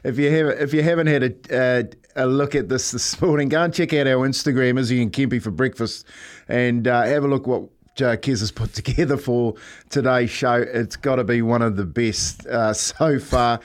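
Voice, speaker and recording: Rambling, chuckling New Zealand radio host. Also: male voice, mid-range voice, fairly even intonation, normal speed. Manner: rambling, chuckling, says "mate" often. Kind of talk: casual radio banter.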